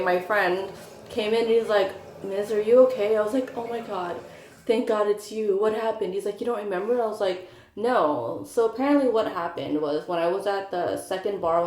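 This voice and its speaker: A woman's voice: on the low side, darkish tone. A young woman telling a rambling personal story in casual chat, with lots of "like" and "um". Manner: chatty, rambling, full of likes and ums. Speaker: vlogger. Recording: echoey room.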